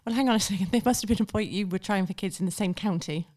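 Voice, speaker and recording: A woman conducts a podcast interview. She keeps her replies short and encouraging and asks gentle follow-up questions. Her voice sits at a middle pitch. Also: quick pace. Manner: brief, encouraging prompts and questions. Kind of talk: conversational interview.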